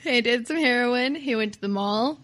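A woman's voice: on the high side, normal speed, a bit bright. A woman co-hosting a podcast, telling a true-crime story in casual chat and laughing often. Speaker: podcast co-host.

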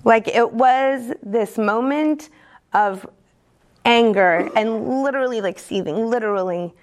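A woman telling her own recovery story at a support meeting, candid and earnest, halting often with fillers and restarts. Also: a little high. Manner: earnest and emotionally open. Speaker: speaker sharing at a recovery meeting. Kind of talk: personal recovery testimony.

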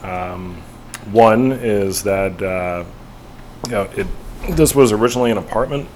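Male bar manager with a smooth, lowish voice, relaxed and easygoing, and a soft room hum behind him. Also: a little slow, rough recording. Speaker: bar general manager, guest. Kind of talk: casual interview chat.

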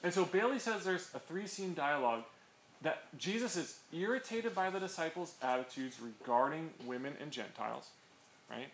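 A man's voice: on the high side, animated, moderate pace, a bit bright. A man giving an informal Bible study to a small group, chatty and full of "right?" asides. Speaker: Bible teacher. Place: room with a small group of listeners. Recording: echoey room with faint background noise.

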